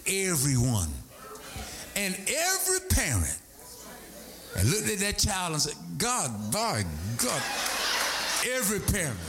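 A middle-aged man preaching a sermon from the pulpit, telling stories in an animated way that swings between high and low. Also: unhurried, long pauses, over music. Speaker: pastor.

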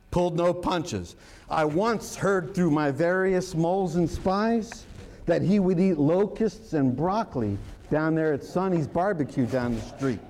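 A man's voice: fairly high pitch, darkish tone. A man preaching a sermon as pastor, mixing jokes and stories into his teaching and drawing out key words for emphasis. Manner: humorous, joke-telling preacher.

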